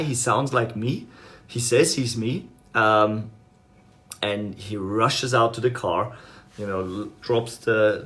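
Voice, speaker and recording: A man with a fairly low voice, teaching a sales lesson in a loose, chatty way. He rambles a bit, with plenty of fillers and restarts. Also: fairly bright tone. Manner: casual, rambling storytelling with many fillers. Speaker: sales trainer. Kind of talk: online course lesson.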